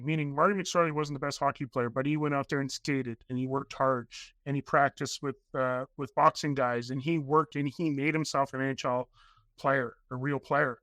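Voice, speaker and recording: A man guesting on a podcast, telling long excited stories in a rambling way and acting out the voices of people he quotes. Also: medium pitch, normal speed, no echo. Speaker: podcast guest, documentary filmmaker. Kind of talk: casual interview storytelling.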